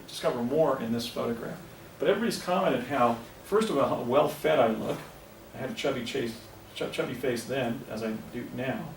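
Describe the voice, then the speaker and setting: A man giving a public lecture in an earnest, halting way, often restarting his sentences. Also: mid-range voice, slight background noise. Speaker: presenter. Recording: roomy, distant lecture recording with faint ambience.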